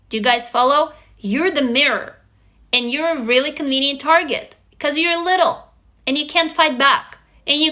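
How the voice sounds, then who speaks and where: A woman in her forties hosts a casual live stream for a writing group, speaking frankly and emphatically, swearing freely and reading viewer comments aloud. Her voice is high with a sharp tone.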